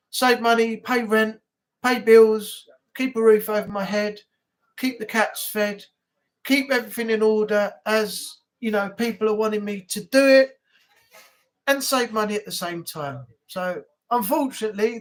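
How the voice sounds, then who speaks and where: A man with a British accent hosting a relaxed live stream chat, rambling casually and now and then playing with silly accents. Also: high voice. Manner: chatty, rambling, playfully tries silly accents.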